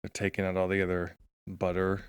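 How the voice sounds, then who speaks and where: Deep-voiced man spinning playful story ideas. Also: completely flat delivery, brisk, clear, resonant tone. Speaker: podcast co-host. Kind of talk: casual chat.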